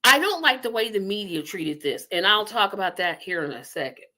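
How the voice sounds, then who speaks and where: A middle-aged woman hosting a live online talk show, giving casual, opinionated commentary with emphatic, animated delivery and talking straight to her viewers. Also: mid-range voice, a little fast.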